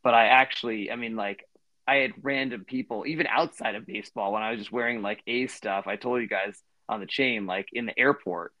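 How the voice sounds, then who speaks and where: A man's voice: mid-range voice, steady tone, brisk, pushed and bright, no room sound, highs cut off. Rambling man telling a story, dry mic. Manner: rambling, many fillers and restarts. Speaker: podcast co-host. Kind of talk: casual storytelling chat.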